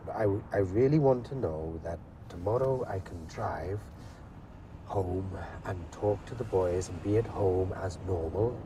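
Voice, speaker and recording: A calm, practical working-class man with a Welsh accent, speaking in a low, measured voice. He sounds steady and controlled even under pressure. A constant car engine hum runs underneath. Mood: pleading. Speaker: driver on the phone. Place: inside a moving car.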